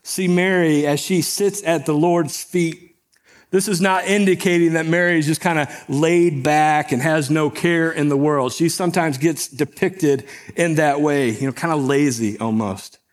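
A pastor, conversational and animated. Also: male voice, a little high, measured pace. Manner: conversational, often asks "right?" to the congregation. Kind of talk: sermon.

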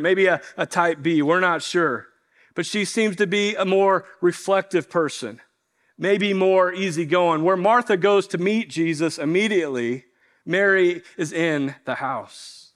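A man preaching a sermon to his congregation, earnest and slowing to stress key lines. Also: sits high, a bit bright. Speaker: pastor.

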